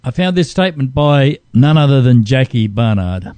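Earnest man reading aloud, mellow voice. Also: mid-range voice, lively intonation, normal speed, clear, resonant tone, no room sound. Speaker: co-host.

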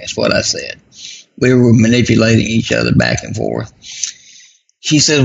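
A man telling a personal story in a folksy, self-deprecating way, with a gravelly voice. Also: lowish voice, huge pitch swings, normal speed, long pauses, lo-fi sound, a little hiss or hum. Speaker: guest.

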